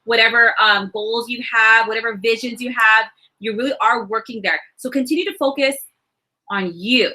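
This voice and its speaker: Woman in her thirties, tarot reader, bright tone; chatty, reassuring delivery straight to camera. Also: fairly high pitch, moderate pace. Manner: chatty, reassuring, laughs and sighs between thoughts. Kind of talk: casual spiritual reading.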